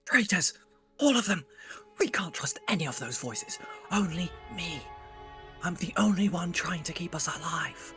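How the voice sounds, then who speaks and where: A woman's voice: fairly low pitch, lively intonation, moderate pace, over music, lightly acted. A woman voicing a paranoid, scheming inner voice that hisses its suspicions. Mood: accusing. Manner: urgent, suspicious whispering.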